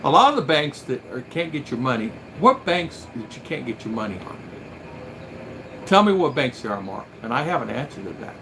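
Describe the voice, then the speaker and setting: A man's voice: medium pitch, very animated, fairly quick, noisy background. A middle-aged man hosting a casual livestream chat, talking emphatically and firing off rhetorical questions. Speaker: livestream host.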